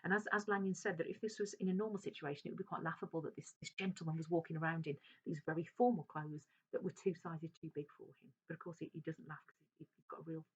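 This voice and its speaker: Husky-voiced woman teacher explaining a novel. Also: low voice, fairly even intonation, fast talker, hardly any pauses. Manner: hesitant, with many fillers and restarts. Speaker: English teacher. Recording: dull lo-fi recording.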